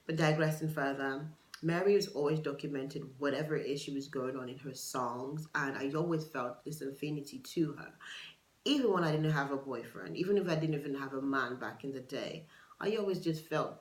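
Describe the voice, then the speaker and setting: A woman's voice: very deep voice, fairly quick, roomy sound, poor audio. A woman hosting a solo podcast, chatting casually and digressing into gossipy asides. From United Kingdom. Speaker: podcast host. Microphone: camera for a video podcast.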